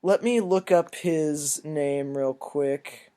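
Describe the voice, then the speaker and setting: Higher-voiced man rambling through a movie review. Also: slow, dark tone. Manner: loose, rambling, swears freely. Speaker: podcast co-host. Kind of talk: casual movie review chat.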